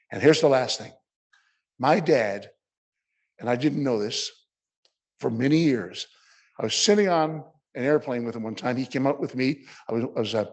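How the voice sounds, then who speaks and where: An older man giving emotional closing remarks at a symposium, halting with many restarts and at times choked up. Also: a little high. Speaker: symposium speaker.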